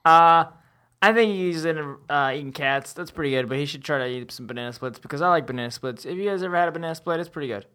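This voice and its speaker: A man's voice: fairly high pitch, quick pace, sharp tone, clean tone. A man joining a casual chat among friends, goofy and full of absurd remarks. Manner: goofy, absurd non sequiturs.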